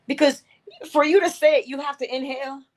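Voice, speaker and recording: A woman's voice: high voice, steady tone, brisk. Woman, inspirational speaker, motivational livestream talk, earnest coaching tone, repeats key phrases.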